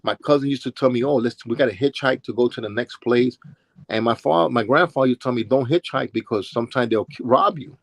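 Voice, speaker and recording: A man's voice: mid-range voice, fast talker, gravelly, no room sound. Storytelling Brooklyn man. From Brooklyn, New York. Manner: acts out quoted people with voice changes. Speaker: interview guest, former DJ and dancer. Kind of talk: casual storytelling.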